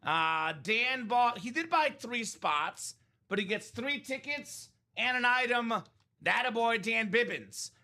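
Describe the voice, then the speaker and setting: A man's voice: very high-pitched, expressive, slow, sharp tone. A man hosting a live sports memorabilia break, chatting energetically and rambling through values and asides. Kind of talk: live-stream sales chat.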